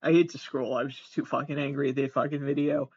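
A man's voice: mid-range voice, little pitch movement, fast talker, creaky, darkish tone, breathy edge. A man hosting a podcast, reacting to videos in casual commentary, agitated, swearing often and exclaiming in alarm. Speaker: podcast host. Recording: dull lo-fi dry sound.

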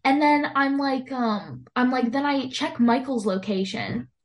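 A woman's voice: high voice, measured pace. Chatty young woman telling a story. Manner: animated storytelling, heavy use of "like", acts out quoted lines. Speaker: storyteller in a casual conversation. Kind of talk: casual chat.

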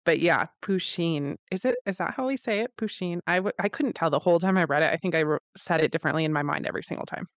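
A woman co-hosting a podcast in casual chat, blunt and quick to laugh, swearing freely. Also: deep voice, no room sound. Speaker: podcast co-host. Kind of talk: casual book-club chat.

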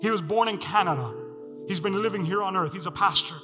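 A man's voice: sits high, fast talker, dull audio. A man preaching a sermon as pastor to a congregation, asking them questions and repeating his key lines. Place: church hall. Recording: music under a hall reverb.

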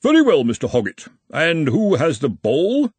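A man doing a haughty, booming old university head. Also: huge pitch swings, moderate pace, a little mellow, husky, no echo, heavily acted. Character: pompous haughty older male university head refereeing.

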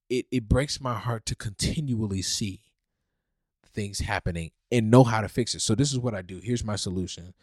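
A man hosting a faith podcast, preaching with fervor and swinging from loud calls to hushed, pleading talk. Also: medium pitch, no room sound, clean studio sound. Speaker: podcast host.

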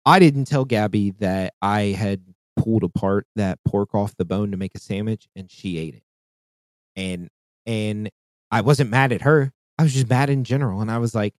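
A man's voice: lowish voice, measured pace, a little mellow, dry recording, clean studio sound. A man co-hosting a casual podcast chat, talking in a profane, rambling way with frequent restarts. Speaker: podcast co-host.

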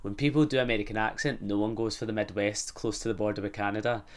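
In casual, rambling comic talk laced with swearing, a young Scottish podcast host with a Glaswegian accent speaks at a quick pace, his lowish voice steady.

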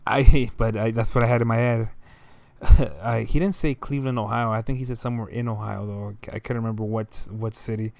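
A man's voice: mid-range voice, a little mellow, smooth, dry recording. A young man telling a story in a loose, rambling way, full of slang and fillers. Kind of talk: casual storytelling monologue.

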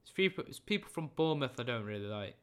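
A man's voice: mid-range voice, sing-song, fast talker. A man hosting a football podcast, reading out scores and lineups in a chatty, jokey, opinionated way. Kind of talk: casual football results roundup.

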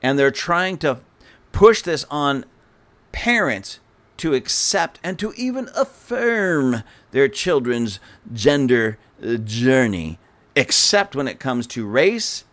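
A man's voice: medium pitch, sing-song, slow pace, fairly bright tone. Sarcastic, indignant male commentator. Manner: sarcastic, scornful. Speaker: political commentator.

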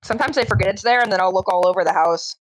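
A woman in casual podcast banter, telling animated stories and swearing freely. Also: mid-range voice, racing, slight background noise, rough recording.

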